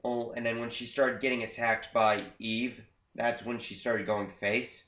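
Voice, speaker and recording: A young man co-hosting a casual podcast, recapping with frequent fillers and halting restarts. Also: mid-range voice, level tone, a bit bright. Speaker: podcast co-host. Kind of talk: casual chat recapping wrestling. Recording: echoey room.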